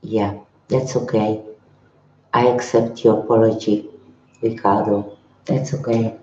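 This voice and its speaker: An older man speaks slowly and haltingly, with a dark, mellow tone and broken English. He is a monk chatting with viewers on a live stream, often repeating his words. The sound is roomy and a little dull. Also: lowish voice, little pitch movement, slight background noise.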